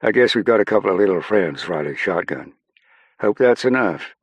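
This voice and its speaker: A man's voice: on the low side, animated, moderate pace, husky, no room sound, highs cut off. A man voicing an easygoing airman who is a doctor. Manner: easygoing, shouting over crowd later.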